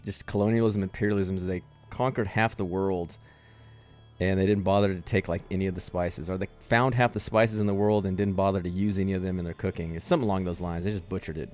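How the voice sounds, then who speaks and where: With a deep, darkish voice, this man gives casual commentary while playing a game mod, joking, rambling and occasionally swearing. Faint game music sits behind him.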